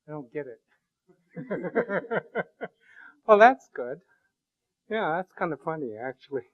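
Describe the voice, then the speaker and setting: A man's voice: fairly high pitch, very animated, highs cut off. Joking, rambling man lecturing a class. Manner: rambling and joking, with many halting restarts. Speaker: university lecturer.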